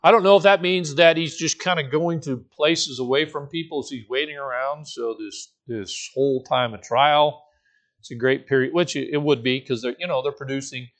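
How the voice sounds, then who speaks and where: A man preaching a sermon. He is animated, jumps into the voices of the people in the story and often restarts his sentences. His pitch is middling. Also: normal speed. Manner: animated, acts out the quoted voices, frequent restarts. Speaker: pastor.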